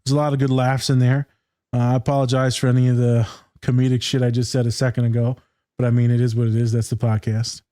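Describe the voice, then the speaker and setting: A man's voice: mid-range voice, level tone, fast talker, mellow, no echo, studio quality. A man co-hosting a podcast as a therapist, chatting casually with irreverent jokes and swearing.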